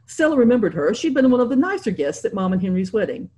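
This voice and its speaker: A woman narrating a novel in an expressive storytelling manner. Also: fairly high pitch, fast talker. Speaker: audiobook narrator. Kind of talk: scripted narration.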